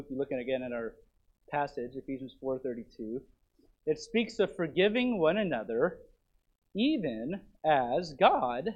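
A man preaching a sermon, swinging from emphatic, raised passages to quiet, earnest questions to the congregation. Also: on the high side. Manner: rises to emphatic then drops to quiet earnest. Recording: dull lo-fi recording.

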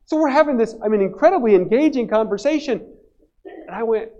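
A male pastor telling a story from the pulpit, swinging from excited bursts to hushed, quiet passages. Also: sits high, fast talker. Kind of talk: storytelling sermon. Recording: dull lo-fi sermon recording.

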